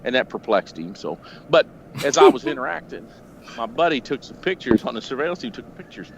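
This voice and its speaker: Calling into a casual podcast from home, a man relates stories in a fairly quick, mid-range voice. His retelling is lively, meandering, and full of swearing, and the lo-fi recording has faint noise.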